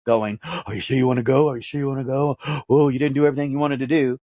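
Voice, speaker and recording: A man's voice: mid-range voice, fairly even intonation, fast, mellow, no echo, clean studio sound, voice pushed up, natural voice. A man voicing his own fear as a nagging, anxious inner voice with a fretful, pleading manner.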